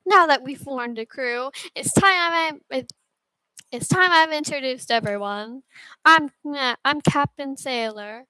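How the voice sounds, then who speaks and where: A woman's voice: high-pitched, a little slow, bright, forceful tone, no room sound, low-quality recording. Captain Sailor, a woman playing a pirate captain. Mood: commanding. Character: boisterous pirate ship captain, man.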